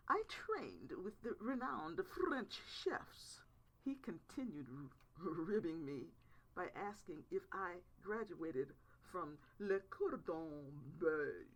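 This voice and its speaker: A woman reading her own novel aloud in expressive first-person audiobook narration. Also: deep voice, creaky.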